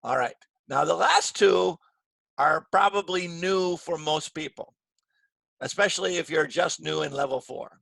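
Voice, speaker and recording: A gravelly, slightly husky man leads an online English grammar lesson in a rather high voice. The sound is dry and close, as if picked up by his computer mic on a video call. He is patient, asks "right?" again and again, and acts out short example dialogues. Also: unhurried, a bit bright, no echo. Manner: patient, checks in with "right?" often. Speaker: English teacher.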